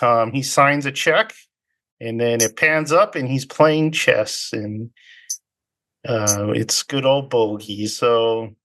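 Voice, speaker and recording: A man's voice: medium pitch, fairly bright tone. Chatty man casually recapping a film. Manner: chatty, laughs often, loosely paraphrases scenes. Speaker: podcast co-host.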